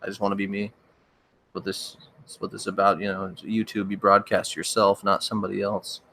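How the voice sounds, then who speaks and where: A young man, a horror story narrator, chatting casually on a livestream, rambling and hesitant, his voice cracking and needing throat-clearing now and then. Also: fairly low pitch, monotone, a little fast, fairly bright tone. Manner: rambling, hesitant, with many restarts and fillers.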